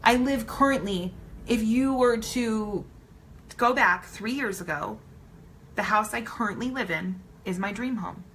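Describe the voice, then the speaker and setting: A woman's voice: fairly high pitch, measured pace, fairly bright tone, a little hiss or hum, poor audio. A woman giving a live-streamed motivational talk, emphatic and blunt, swearing casually and repeating her points for emphasis. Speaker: motivational speaker.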